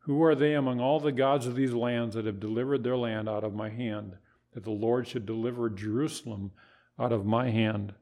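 Male pastor, mid-pitched, emphatic preaching style. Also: steady tone, normal speed, a little mellow. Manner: emphatic preaching with rhetorical questions. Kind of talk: sermon.

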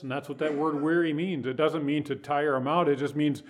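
A man's voice: fairly high pitch, fairly even intonation, brisk, few pauses. A man preaching a sermon, pressing his points with rhetorical questions and voiced asides. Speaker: pastor.

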